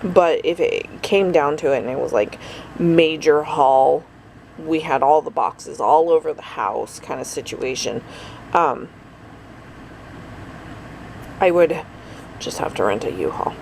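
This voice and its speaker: A middle-aged woman talks through her day in a loose, rambling vlog, sounding tired. Her voice has a gravelly rasp, with a faint hum of noise behind her. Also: low voice, measured pace, darkish tone, poor audio. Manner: rambling, chatty, lots of fillers. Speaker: vlogger. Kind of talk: casual daily vlog chat.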